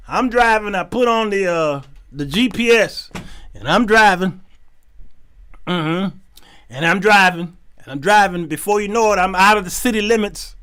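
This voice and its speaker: A man hosting his show, telling a comic story, animated and laughing often as he acts out the people in it. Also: high voice, clear, resonant tone. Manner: animated, laughing often, acting out quoted voices. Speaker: show host.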